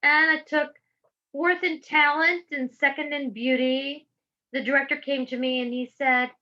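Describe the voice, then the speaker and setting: A woman's voice: high-pitched, fairly even intonation, normal speed, bright, forceful tone, lo-fi sound. A middle-aged woman from Georgia with a Southern accent, giving impassioned public testimony in a fervent, preacherly way. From Georgia, USA. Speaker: public speaker.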